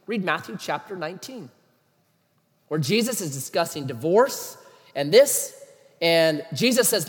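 A man preaching a sermon in an animated, emphatic way, full of rhetorical questions. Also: fairly high pitch, a little slow, pauses often, long reverb tail.

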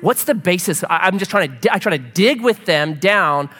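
A man preaching a sermon as pastor, animated and acting out quoted voices. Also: high-pitched, normal speed, long reverb tail. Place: church sanctuary.

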